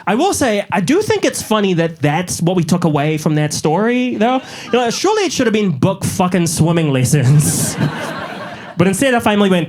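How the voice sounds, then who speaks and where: A young man from New Zealand doing a stand-up comedy set in front of a live audience, telling stories with lively delivery and little put-on voices. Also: high-pitched, a little fast. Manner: animated storytelling, mocks up little voices.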